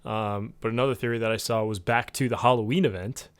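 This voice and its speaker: A man co-hosting a casual gaming podcast, talking in a rambling way with lots of fillers and getting excited about the game. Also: medium pitch, fast talker, smooth, no room sound. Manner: rambling, with many fillers and restarts. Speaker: podcast co-host.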